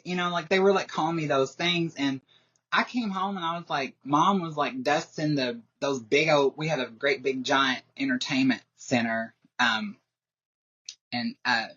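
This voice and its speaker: A woman's voice: rumbling low, fairly bright tone, slightly rough. A woman talks as a podcast guest in a casual, rambling way, filling her sentences with "like" and laughing often. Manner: rambling, heavy use of "like", frequent laughter. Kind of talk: casual interview chat. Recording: dull lo-fi recording.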